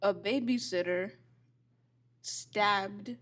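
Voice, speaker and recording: A woman's voice: medium pitch, drawn-out words, a bit bright. Chatty young woman, casual hedging talk. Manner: chatty, hedging, unsure of her memories. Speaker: podcast co-host. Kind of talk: casual chat.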